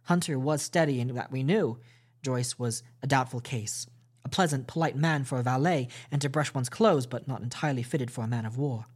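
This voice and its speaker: Man reading a story aloud. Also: medium pitch. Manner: steady, measured reading with small restarts. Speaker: podcast host reading a novel aloud. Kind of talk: audiobook storytelling narration.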